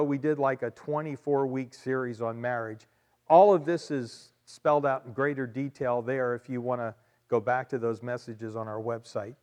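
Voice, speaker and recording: A man's voice: mid-range voice, a little mellow. A man preaching a sermon as pastor, emphatic and conversational, often repeating key phrases and adding asides to his congregation.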